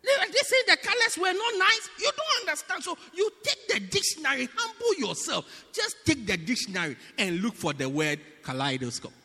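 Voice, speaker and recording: High-pitched, animated male preacher. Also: moderate pace, hardly any pauses, in a large hall. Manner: teaching, repeatedly asking the congregation "do you get it?"; animated, swinging between loud bursts and quiet asides. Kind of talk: sermon.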